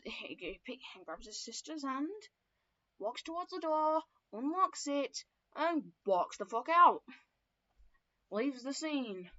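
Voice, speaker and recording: A woman's voice: high voice, fairly bright tone. A young woman casually telling her own story lore, swearing often and stumbling through fillers and self-corrections. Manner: profane, rambling, many fillers and self-corrections. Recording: dull lo-fi recording.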